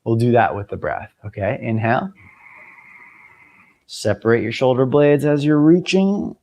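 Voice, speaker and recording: Man calmly cueing a yoga class. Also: medium pitch, unhurried. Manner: cueing breath and movement, relaxed with small apologies. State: clearing a tickle in his throat. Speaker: yoga teacher. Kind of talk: guided yoga class instruction.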